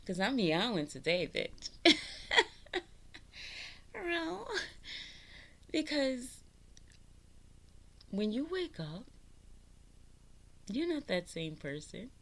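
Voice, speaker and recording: A woman's voice: medium pitch, very animated, slow pace, vocal fry, pauses often. A woman from the Bronx gives a casual spiritual pep talk to her viewers. She swears freely, laughs often and preaches. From New York, the Bronx. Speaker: spiritual vlogger.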